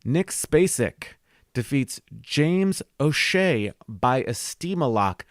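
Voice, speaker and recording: A man's voice: medium pitch, very animated, takes it slowly, dry recording. Man, podcast co-host, casual banter, joking, reads results like an announcer, dry close sound.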